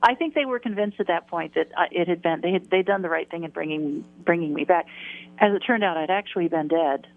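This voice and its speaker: A woman's voice: lowish voice, brisk. A woman in her sixties, an interview guest, tells a personal story in an earnest, vivid way, repeating phrases for emphasis. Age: 60s. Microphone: telephone. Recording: tinny phone line.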